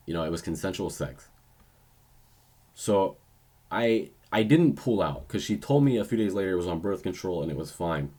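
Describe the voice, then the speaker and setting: A man's voice: deep voice, darkish tone. A young man vlogging, telling a personal story in a casual, rambling way with frequent restarts and self-corrections. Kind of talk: story time vlog.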